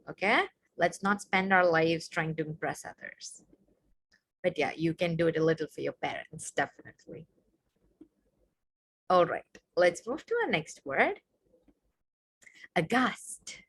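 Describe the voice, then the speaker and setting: A woman's voice: mid-range voice, a bit bright. A young woman teaching exam vocabulary in a casual online lesson, chatty and explaining with everyday examples.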